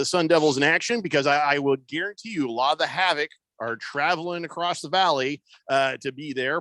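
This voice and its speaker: A man's voice: on the high side, a bit bright, no room sound. A man hosting a sports radio show in casual chat, rambling loosely with plenty of fillers and restarts. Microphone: studio microphone.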